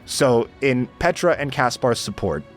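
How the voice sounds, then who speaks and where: A man's voice: medium pitch, expressive, unhurried, soft background music. A young man giving casual, exasperated game commentary, sarcastic and swearing often.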